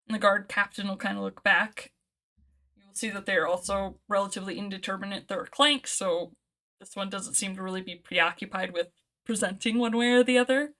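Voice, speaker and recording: A woman running a tabletop role-play game, describing scenes in a casual, chatty way. Her voice is bright and clear at an ordinary pitch. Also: steady tone, brisk. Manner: casual, laughing often. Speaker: game master.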